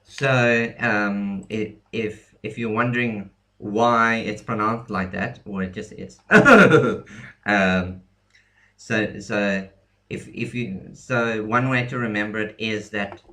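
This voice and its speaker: Young guy teaching letters, kinda low voice, talks slow, keeps going um and restarting. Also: fairly even intonation, bright, forceful tone. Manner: hesitant, many ums and restarts. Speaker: language teacher. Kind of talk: casual explanatory lesson.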